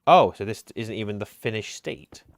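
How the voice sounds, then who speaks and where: This streamer's voice is lowish and moves at normal speed, recorded at studio quality with no echo. He chats casually while playing a co-op game, thinking aloud and joking with his partner.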